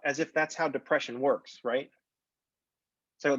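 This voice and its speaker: A male math instructor teaches a recorded lecture in a casual, digressive way, joking as he goes. His voice sits in a middle pitch. The recording is dry and a little dull, with no room sound. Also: steady tone, brisk, fairly bright tone, dry recording. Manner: conversational, digressive, jokey.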